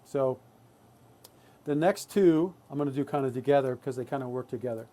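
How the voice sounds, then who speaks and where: A man's voice: mid-range voice, brisk, warm tone. An adult man presenting a live workshop, talking earnestly and often checking in with "right?". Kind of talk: live online workshop talk.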